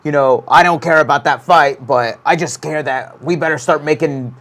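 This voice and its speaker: A man's voice: on the high side, normal speed, fairly bright tone. A man in a casual podcast chat who agrees with the others and adds short remarks of his own.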